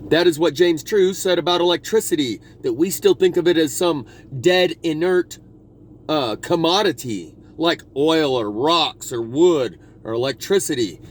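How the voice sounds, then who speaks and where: A man's voice: fairly high pitch, animated, a little slow, a little hiss or hum. A man talking in a meandering spiritual monologue, restarting his sentences and pressing hard on key words. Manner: meandering, restarts often, intense emphasis. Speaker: video blogger.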